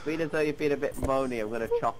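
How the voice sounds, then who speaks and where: A man role-playing a cannibal captor in an online game, calm, teasing and mock-polite. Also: mid-range voice, rapid-fire.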